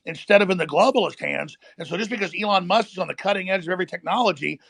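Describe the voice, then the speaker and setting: A man hosting a heated political talk, ranting fast and emphatically. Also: sits high, gravelly, fairly bright tone, slightly rough, no room sound. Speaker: host.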